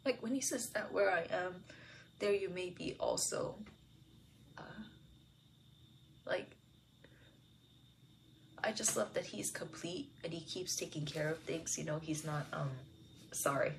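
Low-voiced woman musing over scripture. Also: a little slow, gravelly, pauses often, slight background noise. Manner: soft-spoken, musing, with frequent fillers; sometimes drops to a whisper. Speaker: devotional video host. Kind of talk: personal Bible reflection.

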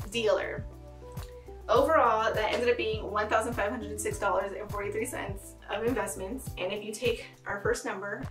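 A woman's voice: medium pitch, reverberant, recorded from a distance. A woman vlogging casually about her monthly budget, talking in a bubbly way with plenty of "like" fillers.

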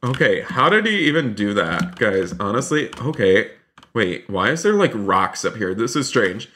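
A man streaming a role-play game live, excitable, talking to his chat and repeating himself. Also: fairly low pitch, normal speed, a little hiss or hum. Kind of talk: live gameplay commentary.

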